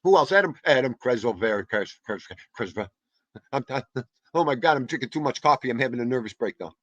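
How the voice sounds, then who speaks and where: A man hosting a livestream, rambling excitably and greeting viewers by name. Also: medium pitch, fairly quick, no room sound, dull audio. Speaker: livestream host. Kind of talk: casual chat.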